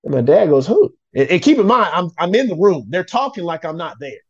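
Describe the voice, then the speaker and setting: Storytelling ex-QB, fairly high voice, muffled dry recording. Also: male voice, fast, breathy edge, no room sound. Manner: animated, acts out voices in his story. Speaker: former quarterback. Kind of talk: storytelling interview.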